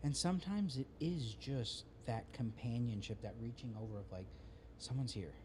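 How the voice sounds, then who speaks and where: A man with a mellow, dark-toned voice talks casually as a podcast guest, rambling loosely and using slang. Faint background noise sits under the talk. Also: medium pitch, normal speed.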